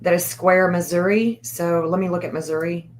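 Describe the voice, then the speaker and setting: A woman hosting a casual livestream, reading an astrology chart aloud and thinking out loud in a hesitant, repetitive way. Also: on the low side, steady tone, moderate pace.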